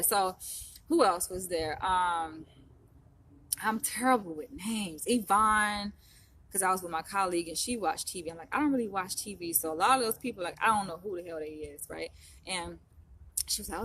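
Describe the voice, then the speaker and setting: Her voice is fairly low yet a bit bright, over a slight hiss or hum. Talking to camera from Los Angeles, the vlogger chats and rambles, sprinkling in plenty of "you know" and "like."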